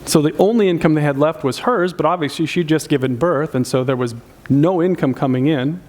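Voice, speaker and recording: Earnest male pastor, slightly higher voice. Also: fairly quick, a little mellow. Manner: earnest storytelling with frequent restarts. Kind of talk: sermon. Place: church.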